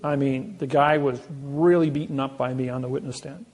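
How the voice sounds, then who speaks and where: A man's voice: mid-range voice, fairly even intonation, fairly quick, a little mellow. A man talking casually and boastfully about his legal exploits, rambling with frequent restarts. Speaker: self-styled legal advocate. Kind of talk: casual storytelling talk.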